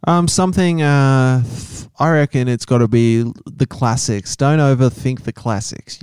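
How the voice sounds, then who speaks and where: A man's voice: medium pitch, measured pace, hardly any pauses, smooth, no room sound. A man co-hosting a comedy podcast, laid-back and casually swearing through the banter. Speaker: podcast co-host. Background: loud music.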